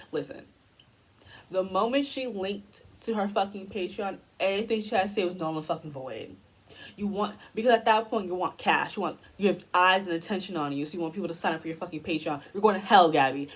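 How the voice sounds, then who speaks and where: A woman's voice: lowish voice, husky, rough recording. A young woman ranting heatedly in a commentary video, profane and exasperated. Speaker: commentary YouTuber.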